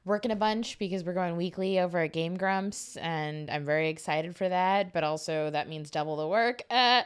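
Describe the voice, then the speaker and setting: A woman's voice: lowish voice, normal speed, clear, resonant tone. Rambling, hesitant woman podcast guest. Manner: rambling, hesitant, with many fillers. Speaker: podcast guest, show producer. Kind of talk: casual comedy podcast chat.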